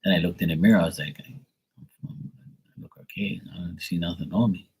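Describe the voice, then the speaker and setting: A man doing tarot readings on a live stream chats casually, rambling and swearing with many fillers. His voice is deep, steady, a little fast, somewhat mellow and slightly rough, on a low-quality recording.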